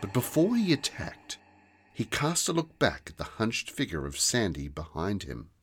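A man narrating a children's fantasy story in a slow, deliberate storytelling manner. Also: on the low side, wildly swooping pitch, slightly rough.

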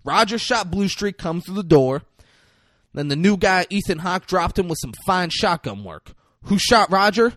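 A man in casual chat, retelling a film scene in an animated, profane way. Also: high voice, normal speed, no echo, studio quality.

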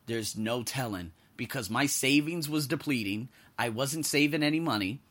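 A man telling a personal story in casual vlog style, acting out the voices of people he quotes and swinging from loud outbursts to quiet asides. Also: mid-range voice.

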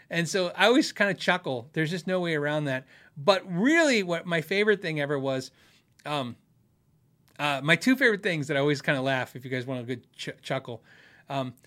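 A man's voice: a little high, bright, forceful tone. A middle-aged man hosting a guitar show, chatting casually with viewers, rambling and laughing often at himself. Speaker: host of a guitar show answering viewer questions. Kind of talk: casual live-stream chat.

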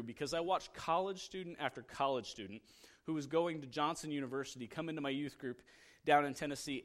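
Middle-aged male pastor, conversational sermon, storytelling delivery that drops to hushed asides and rises for emphasis. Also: a little high.

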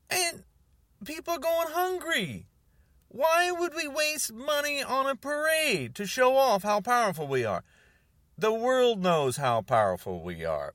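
A man's voice: sits high, sharp tone, no room sound, studio quality. A man ranting to camera in a heated, exasperated and sarcastic monologue. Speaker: political commentator.

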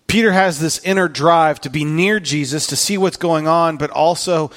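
Earnest, chatty preacher, fairly high voice. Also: male voice, normal speed, fairly bright tone. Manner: conversational, earnest, repeats words. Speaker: pastor. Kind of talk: sermon.

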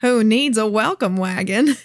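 A woman's voice: fairly high pitch, measured pace, dry recording, studio quality. A woman voicing a sultry soothing neighbor. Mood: breathless. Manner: soft, soothing, breathy delivery. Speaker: voice actor. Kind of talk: audio drama acting.

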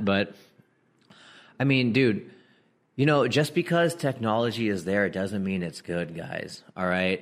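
Low-voiced man riffing comedically. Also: moderate pace. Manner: animated, slangy, laughs mid-sentence, acts out quoted voices. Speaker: comedian podcast host. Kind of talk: casual comedic riffing monologue.

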